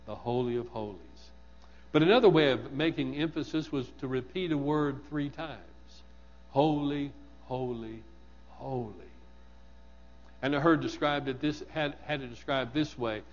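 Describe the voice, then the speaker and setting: A man's voice: on the high side, in a large hall, muffled recording. A man preaching a sermon, asking his congregation questions and repeating words for emphasis.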